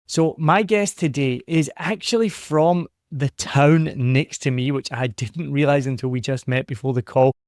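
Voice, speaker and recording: A man with a softened Scottish accent hosting a podcast interview, with an upbeat, promotional delivery. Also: medium pitch, no room sound, clean studio sound. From Scotland. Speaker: podcast host.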